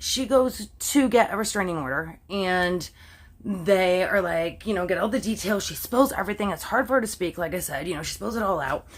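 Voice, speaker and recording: This Canadian woman, voice on the low side and slightly rough, narrates a real crime case to her viewers. Her delivery is chatty and lively, full of "like," and she catches and tones down swears as they slip out.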